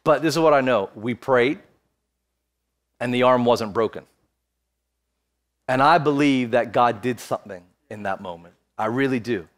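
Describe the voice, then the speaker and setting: A man's voice: mid-range voice, moderate pace, pauses often. A man in his thirties preaching a sermon as pastor, telling a personal story and building to fervent exhortation. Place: church, streamed online.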